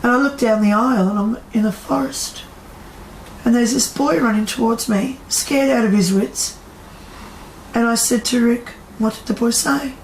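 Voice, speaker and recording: A woman's voice: a little high, normal speed, a little hiss or hum. A woman, a psychic medium, telling a story to an audience in a chatty way and asking them questions. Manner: chatty, quotes people in acted voices, asks the audience questions. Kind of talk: storytelling talk to a live audience. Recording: echoey room with faint ambience.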